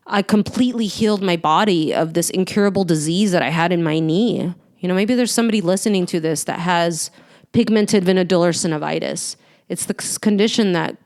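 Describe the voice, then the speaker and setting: A woman speaks earnestly and warmly to her listeners in a motivational talk. Her voice is smooth and clear and sits a little low for a woman. She talks heartfelt and direct, pausing as she goes. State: tearful at times. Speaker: host.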